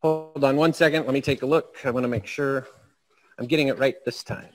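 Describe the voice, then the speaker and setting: Man, event emcee on a video call, casual and unhurried; mid pitch. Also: soft background music, poor audio. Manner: unhurried, checking notes aloud.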